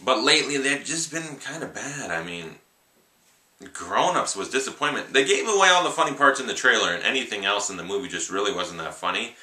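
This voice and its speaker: A man's voice: mid-range voice, expressive, fairly quick, sharp tone. Young man rambling a movie review. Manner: rambling, offhand, many "like"s. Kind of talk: casual spoken film review. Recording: echoey room.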